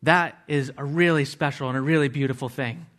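A man's voice: medium pitch, fairly even intonation, brisk, fairly bright tone. A man preaching a sermon, earnestly explaining word meanings step by step and adding casual asides to his listeners.

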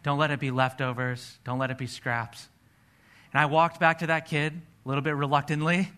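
Bright-voiced earnest male preacher. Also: on the high side, little pitch movement, normal speed, clear, resonant tone. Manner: earnest storytelling, acts out his own past dialogue. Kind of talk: sermon with personal testimony.

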